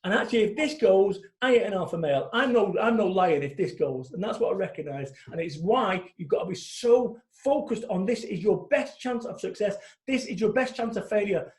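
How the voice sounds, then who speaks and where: A man's voice: sits high, fairly quick, hardly any pauses. A man in his forties, a guest speaker talking bluntly and animatedly in a casual interview, swearing freely. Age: 40s. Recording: echoey room.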